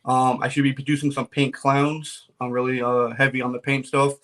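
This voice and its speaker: A man on a casual podcast, mid-range voice, relaxed and rambling. He fills pauses with "um" and "uh" and laughs easily. He sounds unbothered and conversational throughout. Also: mid-range voice. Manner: laid-back, laughs often, many fillers. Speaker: guest reptile breeder.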